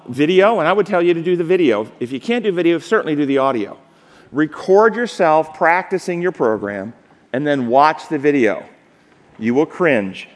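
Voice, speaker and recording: A man teaching a seminar with a fairly high voice and an emphatic, coaching delivery. He keeps pulling the audience in with rhetorical questions. His voice rings out with a long reverb, as if in a large hall. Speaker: seminar instructor. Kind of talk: live seminar lecture on public speaking.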